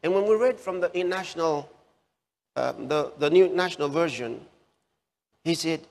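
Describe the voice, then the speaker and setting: A man's voice: a little high, normal speed, gravelly, pauses often, darkish tone, in a large hall. A man preaching a sermon, repeating phrases for emphasis and asking listeners direct questions.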